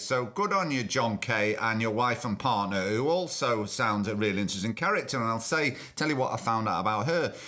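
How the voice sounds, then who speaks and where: Bright-voiced podcast host. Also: male voice, mid-range voice. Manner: exasperated, chatty. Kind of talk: comic podcast chat.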